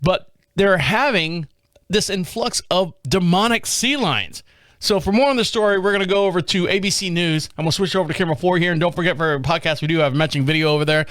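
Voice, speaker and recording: A man's voice: sits high, fast talker, fairly bright tone, no room sound, clean studio sound. A man hosting a podcast, reading news aloud in a casual way, stumbling over words and adding jokey asides. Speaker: podcast host.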